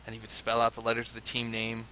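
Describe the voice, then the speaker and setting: An animated man from the United States tells a story with a bright, forceful voice. He laughs often and mimics crowd chants. A faint hiss sits under the recording. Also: medium pitch, fast. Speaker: father telling a story. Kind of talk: casual conversation, anecdote.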